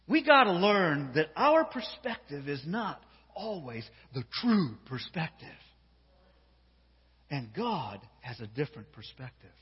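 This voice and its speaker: A man preaching a sermon, telling a story with lively animation and often repeating words as he builds up steam. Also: high-pitched, breathy edge. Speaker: pastor. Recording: dull sound with long hall reverb.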